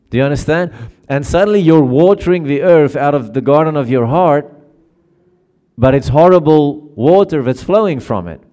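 A male pastor delivers a sermon in a relaxed, conversational way, laughing often and pausing to check that his listeners follow. His voice sits at an ordinary middle pitch for a man. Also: smooth. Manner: laughs often while telling stories.

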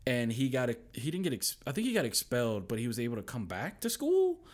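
A young man telling stories as a podcast guest, lively and quoting people in put-on voices. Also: medium pitch, fast talker. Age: young adult. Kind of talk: casual storytelling chat.

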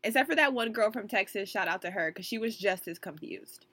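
A woman in her twenties chatting casually as a podcast co-host, chiming in quickly and upbeat. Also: mid-range voice, expressive, a crowd in the background. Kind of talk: casual chat.

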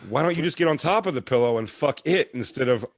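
A man's voice: on the high side, expressive, dry recording. Guy riffing crude jokes on a comedy podcast, laughs a lot, dry close sound. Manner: riffing, quick bursts of laughter. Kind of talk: crude casual comedy chat.

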